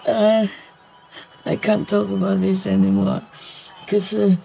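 A woman giving a heartfelt spiritual talk, emotional and halting, choked up, with tearful laughs between words. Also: medium pitch, little pitch movement, gravelly, mellow, slight background noise, low-quality recording.

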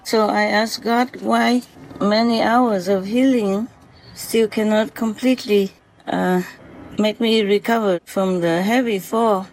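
Very slow speaker, gentle and affectionate, spoken diary, soft and warm in tone. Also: mid-range voice, steady tone, poor audio. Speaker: vlogger speaking to a visiting fox spirit. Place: outdoors at night by a forest.

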